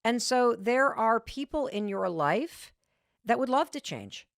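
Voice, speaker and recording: A woman's voice: on the high side, very animated, measured pace, vocal fry, no echo, clean studio sound. A middle-aged woman, hosting a podcast and giving motivational advice in an emphatic, conversational way. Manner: emphatic, conversational, punchy stress on key words. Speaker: podcast host answering listener questions.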